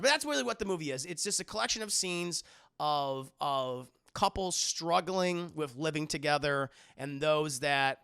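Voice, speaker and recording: A man talks through a film review on a live stream in a gravelly voice, pitched a little above the usual male range. His tone is bright and edgy. He rambles, circles back on his own points, and swears freely while answering his chat. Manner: rambling, repeats himself, swears, chats with viewers.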